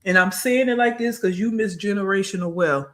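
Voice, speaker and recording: A woman hosting a reaction video, pausing the clip to deliver blunt, mocking, profane commentary. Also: medium pitch, a bit bright.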